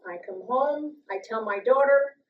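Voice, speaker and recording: An older woman from the US East Coast telling personal stories to an audience, lively and quick to act out other voices. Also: high voice, narrow, tinny audio. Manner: lively, acts out quoted voices, laughs often. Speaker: guest speaker sharing life stories. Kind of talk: personal storytelling talk.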